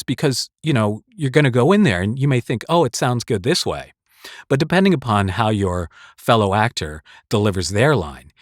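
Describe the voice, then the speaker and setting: Man, voice actor vlogging about craft, low voice, dry close-mic sound, earnest and rambling. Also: no echo. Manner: earnest, rambling, with restarts and short laughs. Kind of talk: casual talk on voice-acting craft. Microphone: close studio microphone.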